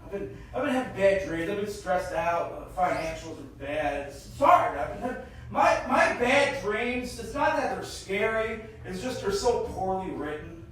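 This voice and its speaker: Stand-up comic, man in his thirties, very high voice, animated delivery with mumbled asides, heard a bit off-mic in a booming echoey room. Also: normal speed, hardly any pauses, far from the mic, a little hiss or hum. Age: 30s. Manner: animated, bursts into shouted character voices. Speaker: stand-up comedian. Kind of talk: stand-up comedy set. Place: comedy festival stage.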